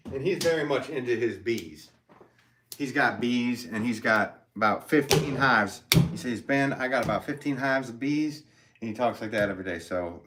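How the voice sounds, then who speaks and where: Brief: man, lowish voice, laid-back rambling live-stream chat from a pottery studio, clear background noise. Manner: rambling and easygoing, many fillers, laughs often. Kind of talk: casual live-stream chat, reading viewer comments. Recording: steady background noise in the room.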